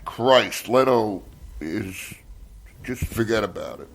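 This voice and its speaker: Older male comic, low gravelly voice, rambling casual storyteller, laid-back, faint background hiss. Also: lively intonation, takes it slowly. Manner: rambling storytelling, frequent swearing and fillers. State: relaxed after a massage. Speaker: stand-up comedian guest. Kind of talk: casual chat.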